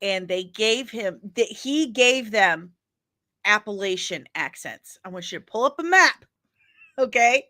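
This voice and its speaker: On her daily comics news show, a St. Louis, Missouri woman with a St. Louis accent rants casually, emphatic and exasperated, and tends to end points with "okay?" Her mid-range voice is animated, bright and forceful, though she doesn't rush.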